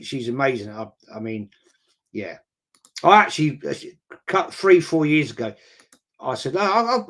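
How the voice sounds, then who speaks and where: A middle-aged man, hosting a casual football chat and reading out viewer comments in a rambling, chatty way. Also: medium pitch.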